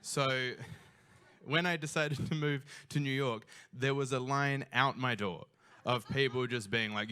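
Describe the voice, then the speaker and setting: A young Australian man telling a funny personal story on stage, animated and self-mocking, swearing freely. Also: mid-range voice, unhurried, smooth, no room sound. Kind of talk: live storytelling.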